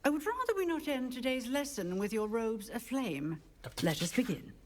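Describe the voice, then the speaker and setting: A stern, formal magic teacher gives lessons and dry warnings in a lively, rising and falling voice. Faint noise sits under the game audio. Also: female voice, a little high, moderate pace. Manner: crisp, formal, dryly warning.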